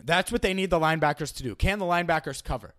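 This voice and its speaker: A man's voice: fairly high pitch, racing, a bit bright. A man hosting a sports podcast, analyzing his team and arguing with imagined critics, often repeating himself as he starts a thought. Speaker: podcast host.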